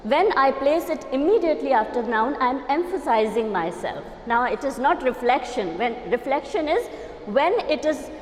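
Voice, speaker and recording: A woman's voice: high voice, animated, normal speed, a little hiss or hum. A woman with an Indian English accent teaching a grammar lecture, explaining step by step and often checking with "okay?" and "right?". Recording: echoey, reverberant room.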